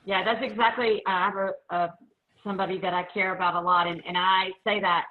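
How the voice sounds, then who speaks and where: A woman's voice: mid-range voice, little pitch movement, a little fast. Chatty woman host on a lo-fi call. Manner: chatty, rambling, self-mocking. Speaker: family law attorney and show host. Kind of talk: casual video-call chat. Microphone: video call.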